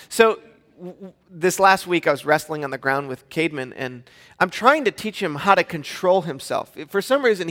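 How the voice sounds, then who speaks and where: Male pastor, 30s, high voice, animated story-driven sermon, long hall reverb. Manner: animated storytelling, playful asides.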